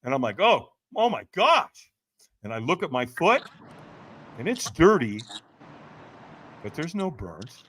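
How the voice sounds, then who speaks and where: A man's voice: mid-range voice, very animated, unhurried, pauses often, fairly bright tone. A man, a podcast guest, telling a dramatic story, acting out quotes and often checking in with "right?". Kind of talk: animated storytelling.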